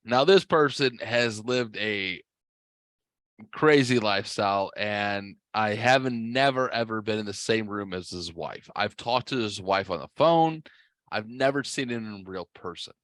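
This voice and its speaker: A man hosting a podcast who tells stories in a rambling, foul-mouthed way, a bit tipsy from drinking, his voice jumping high when he gets excited. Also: a little slow, dry recording. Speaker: podcast host. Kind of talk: casual storytelling.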